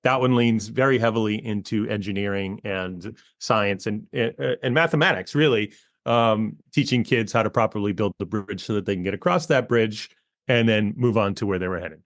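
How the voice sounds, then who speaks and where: A man in his forties talks in a relaxed, rambling way, his lowish voice full of fillers as he explains his work. He is close on a microphone in a dry, dead-sounding space. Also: normal speed, dry recording. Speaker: guest, educational comic author. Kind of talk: casual interview talk. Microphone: close podcast mic.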